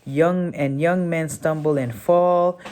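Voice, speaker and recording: Talk as a woman with a very deep voice giving a casual spoken tutorial, thinking aloud with lots of fillers and correcting yourself as you go. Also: steady tone, takes it slowly, a little mellow, a little hiss or hum. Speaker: memory technique tutor.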